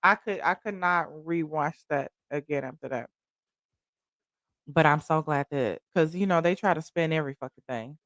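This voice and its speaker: A woman from Texas hosting a casual chat, animated and profane, laughing often. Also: sits low, moderate pace, no room sound, clean studio sound. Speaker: podcast host.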